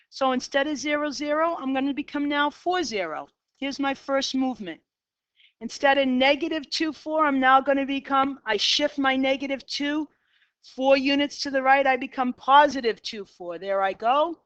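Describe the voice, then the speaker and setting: A woman's voice: sits high, normal speed, a bit bright, dry recording. A middle-aged woman with a Boston accent teaching a math class, talking herself through graph sketches in an upbeat way. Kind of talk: classroom lecture. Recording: dull lo-fi, dry.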